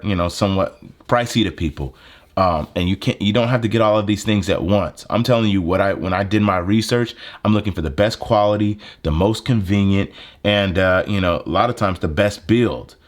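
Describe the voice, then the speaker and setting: With a voice on the low side and a fairly quick pace, a young man covers his phone video-editing rig and a plug-in mic. He's a tech video creator using a handheld phone mic, relaxed and chatty, with many fillers in this casual tutorial.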